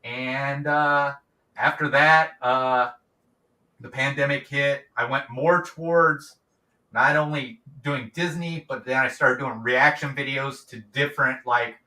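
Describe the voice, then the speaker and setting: A man's voice: mid-range voice, fairly even intonation, takes it slowly, pushed and bright. A middle-aged man on a video call, chatting casually as an interview guest and rambling with many restarts. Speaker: guest, YouTube creator. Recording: roomy, distant from mic.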